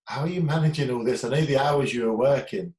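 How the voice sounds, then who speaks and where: A man's voice: mid-range voice, quick pace, a little mellow. Male interviewer in an echoey room. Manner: conversational, summarizes the guest's points. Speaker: interviewer, host. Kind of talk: casual interview questions.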